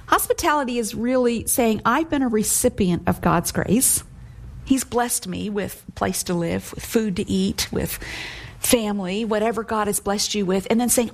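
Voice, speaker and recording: A middle-aged woman giving devotional Bible teaching in an earnest, conversational way, quoting scripture as she goes. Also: on the high side.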